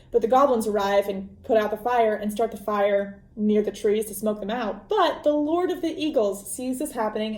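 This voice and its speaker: A woman's voice: medium pitch, mellow. A woman hosting a podcast, retelling a book's story in a chatty, rambling way full of fillers. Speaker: podcast host. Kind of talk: casual book recap. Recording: roomy echo.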